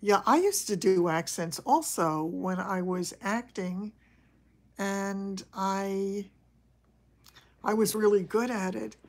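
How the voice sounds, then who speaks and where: Older new york lady chatting w her livestream viewers, slow easy talk, laughs a lot, keeps clearing her throat. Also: mid-range voice. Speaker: vlogger host, former actress. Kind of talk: casual livestream chat reading viewer comments.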